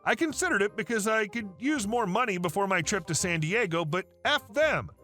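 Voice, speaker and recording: A man's voice: sits high, a little fast, bright, forceful tone. A man narrating online stories in a casual, wry storytelling tone. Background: faint music.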